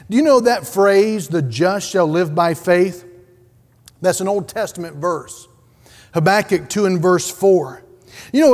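Male pastor preaching in a church sanctuary, pitched high, rising to urgent calls and dropping to hushed lines. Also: long reverb tail. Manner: dynamic preaching, swinging from loud urgent calls to hushed low passages. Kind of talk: sermon.

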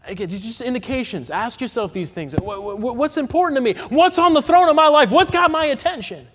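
Man from Massachusetts, evangelist, sermon, emphatic, high-pitched, lively swings, reverberant church hall. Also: a little fast. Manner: emphatic, animated, shifting between loud declarations and quiet asides. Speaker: evangelist preacher. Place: church sanctuary.

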